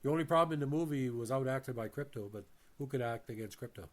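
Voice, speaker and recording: Halting man hosting a movie review. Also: mid-range voice. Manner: halting, frequent "uh" fillers and restarts; addresses viewers as ladies and gentlemen. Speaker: movie review channel host. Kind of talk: reading a bio then offering opinions.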